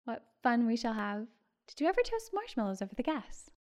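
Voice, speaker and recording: A woman's voice: fairly high pitch, big pitch swings, fairly quick. A woman reading as a gushing young schoolgirl. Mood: eager. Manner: gushing, eager.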